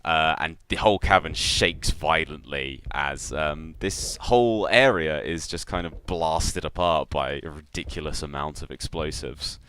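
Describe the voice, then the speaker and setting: A man's voice: rumbling low, a little slow, hardly any pauses, sharp tone, clear, resonant tone, dry recording. A man narrating a live tabletop game as game master, rambling loosely with fillers.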